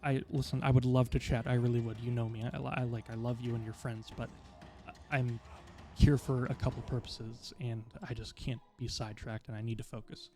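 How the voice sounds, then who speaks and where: A man voicing a bat-winged woman who is friendly but focused, speaking in a hurried, apologetic, stammering way. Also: mid-range voice, flat delivery, dark tone, faint music behind, natural voice.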